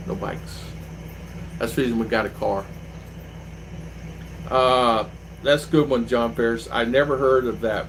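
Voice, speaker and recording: A man's voice: mid-range voice, rough recording. A man telling a story in casual vlog style, acting out the voices of the people in it, recorded outdoors with faint traffic behind him. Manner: animated, mimics voices when retelling exchanges. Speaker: vlogger. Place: outdoors, riding an e-bike.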